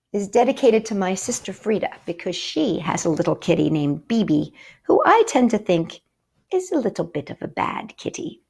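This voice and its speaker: Animated, lilting woman reading to children. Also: mid-range voice, creaky. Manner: sing-song, encouraging, talks directly to kids. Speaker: children's story time host. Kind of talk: reading picture books and poems to young children.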